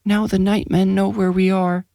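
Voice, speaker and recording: A man's voice: flat delivery, normal speed, mellow, no room sound, studio quality. A terrified whispering little boy. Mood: fearful. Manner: high breathy whispering, pleading. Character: terrified young boy sleep-talking.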